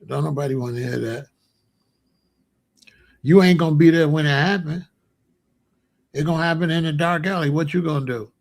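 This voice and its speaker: Guy going off on stream, gravelly voice on the higher side, blunt and confrontational. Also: moderate pace, pauses often. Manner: confrontational, blunt street slang. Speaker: commentary streamer. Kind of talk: heated streaming commentary.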